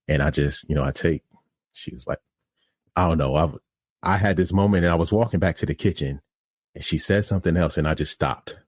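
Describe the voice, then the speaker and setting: Very deep-voiced man telling a candid story. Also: normal speed, long pauses, a little mellow, slightly rough, dry recording, clean studio sound. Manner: candid, self-critical, conversational. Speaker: podcast host and pizza restaurant operator. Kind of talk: casual storytelling monologue.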